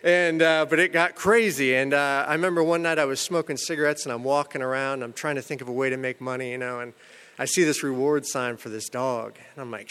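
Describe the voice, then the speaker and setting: A man telling his own recovery story in a candid, rambling way, full of "you know" and "man", with self-mocking humor about a dark past. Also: mid-range voice, steady tone, fairly quick, clean tone, big-room sound.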